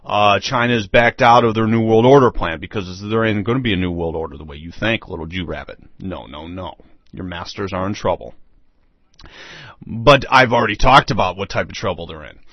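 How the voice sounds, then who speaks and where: Guy, lowish voice, rambling radio host monologue, muffled dry lo-fi sound. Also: brisk, no room sound. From United States. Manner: rambling, emphatic, repeats himself. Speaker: online radio show host. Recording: dull lo-fi dry audio.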